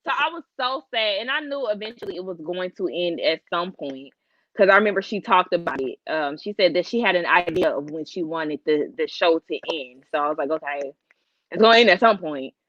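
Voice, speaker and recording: A woman's voice: lowish voice, a little fast, no echo, dull audio. A woman co-hosting a casual live chat, talking to her viewers with big emotional swings. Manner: animated, emotional, talks to viewers as y'all. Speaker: co-host.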